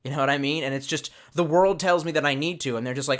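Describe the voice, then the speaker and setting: A man talks off the cuff on a home livestream, reading out chat comments between long profane tangents. His voice is bright and forward and sits a little high for a man. He keeps cutting himself off mid-sentence and starting again. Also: fairly quick, few pauses. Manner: rambling, profane, self-interrupting. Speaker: livestream host.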